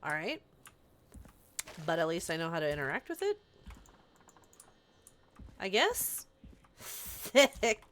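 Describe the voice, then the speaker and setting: This live streamer, a young adult woman, chats casually and playfully as she games, drifting into plenty of asides. Her fairly low voice swoops wildly in pitch and is a bit bright, delivered a little slowly with long pauses.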